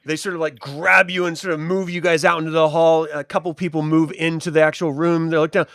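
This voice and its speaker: A man's voice: on the high side, level tone, a little fast, a bit bright, no room sound. A man narrating a tabletop game as game master, in a loose, rambling way with many likes and restarts.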